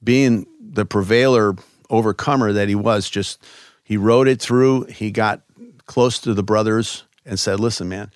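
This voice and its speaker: A man from Chicago, a guest in an interview, telling stories in a loose, animated way with many fillers. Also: fairly low pitch, measured pace, no room sound, clean studio sound. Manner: animated, lots of "you know" fillers. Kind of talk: conversational interview storytelling.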